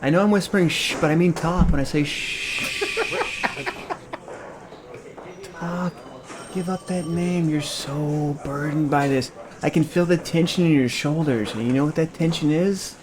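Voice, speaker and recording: A man co-hosting a podcast, playing a soothing, overly gentle counselor in an improv comedy sketch. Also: on the high side, moderate pace, background noise. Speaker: podcast co-host.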